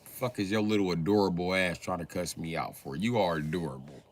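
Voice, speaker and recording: A man's voice: low voice, brisk, slight background noise. A man doing a profane, mocking comedy rant on a live stream, often laughing as he talks.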